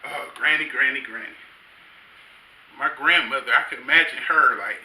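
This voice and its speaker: This middle-aged man, a grandfather, works through a profane, loose stand-up routine holding a handheld mic. His mid-range voice moves at normal speed, broken by long pauses, and carries a sharp edge. Faint ambience fills the roomy stage sound.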